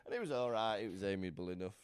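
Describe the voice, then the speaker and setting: A man's voice: on the low side, rapid-fire, smooth, no echo. A man co-hosting a podcast in casual chat, telling an anecdote animatedly and acting out what others said. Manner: animated storytelling, acting out other people's lines. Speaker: podcast co-host.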